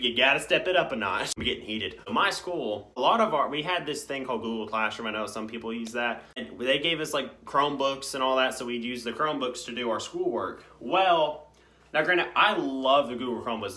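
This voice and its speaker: A young man, telling high school stories in a rambling, casual vlog. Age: young adult. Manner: rambling, filler-heavy, animated storytelling. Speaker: vlogger.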